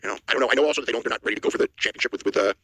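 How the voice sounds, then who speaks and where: A man co-hosting a wrestling news show, giving blunt opinions in a casual chat, with a husky voice. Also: medium pitch, bright, forceful tone, dry recording, low-quality recording. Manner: fast opinionated talk with restarts.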